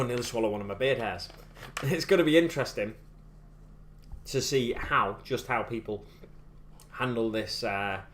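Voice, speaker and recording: A man's voice: mid-range voice, fairly bright tone. A British man chatting casually while live-streaming his miniature painting, thinking aloud in a rambling way with frequent restarts. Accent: British English. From United Kingdom.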